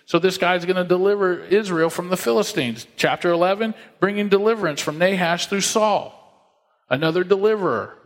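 A man's voice: high-pitched, big-room sound. A man preaching a sermon in a conversational, folksy, emphatic way, retelling scripture with asides.

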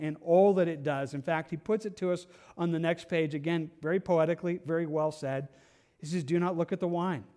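A man's voice: fairly high pitch, a little mellow. A man preaching a sermon as pastor, earnest, with frequent repeated words and restarts.

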